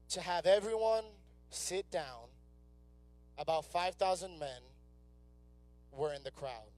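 A man's voice: high voice, dry recording. A young man preaching a conversational sermon as youth pastor, acting out people's doubts in their own words. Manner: conversational preaching, acts out inner voices. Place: church sanctuary.

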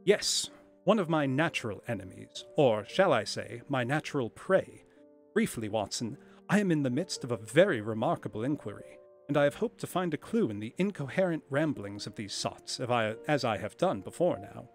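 A man voicing a masterful detective who speaks in a crisp, confident, commanding way, over faint background music. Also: mid-range voice, very animated, normal speed. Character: brisk, masterful male detective in disguise.

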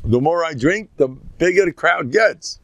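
A man's voice: a little high, expressive, slow pace, fairly bright tone, dry recording. An older man, a rabbi giving an informal Torah talk, folksy and joking, sprinkling Yiddish and Hebrew words and jumping between teaching and banter.

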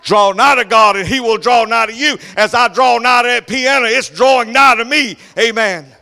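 An older man preaching a sermon as pastor, swinging from loud, fervent delivery to soft whispers. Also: very high-pitched, moderate pace, gravelly, long reverb tail.

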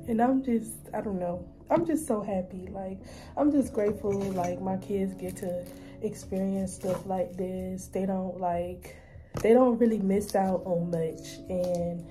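A young woman in a casual vlog, chatting straight to her viewers in an emotional, talkative way. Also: fairly low pitch. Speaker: vlogger, mother. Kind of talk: casual vlog chat to camera.

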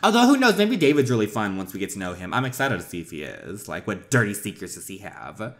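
Lively, chatty man playing a story game. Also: lowish voice, fast. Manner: chatty and playful, lots of laughs and asides. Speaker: gaming channel host. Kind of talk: story game playthrough commentary.

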